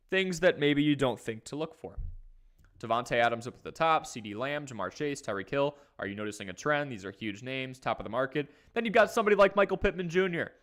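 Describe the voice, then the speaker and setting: A man with a mid-range voice hosts a live fantasy football stream, reading from the chat as he goes. He's casual, energetic and conversational, talking fast in bursts.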